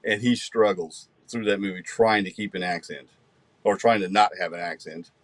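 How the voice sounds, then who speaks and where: Animated low-voiced man. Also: moderate pace, no room sound. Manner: animated, emphatic storytelling. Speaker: podcast co-host. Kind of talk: casual chat.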